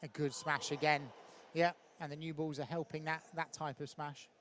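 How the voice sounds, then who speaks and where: A man calls a padel match in a loose, conversational way, his voice sitting a little higher than most men's. He fills gaps with ums and small chuckles. A faint hiss of noise runs under the recording. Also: normal speed. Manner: relaxed, chatty, with frequent ums and laughs. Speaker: padel coach commentating a match. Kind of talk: live match commentary.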